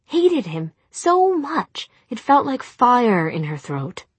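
A woman giving a measured audiobook narration of a novel. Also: on the high side, sing-song, slightly rough, no echo. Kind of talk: scripted narration.

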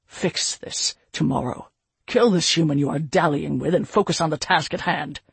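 Man doing a raging elf chieftain, growling threats, gravelly, husky, dry close sound. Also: fairly high pitch, moderate pace, a bit bright, no echo, full character voice. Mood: menacing. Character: furious hulking male elf chieftain, a domineering father.

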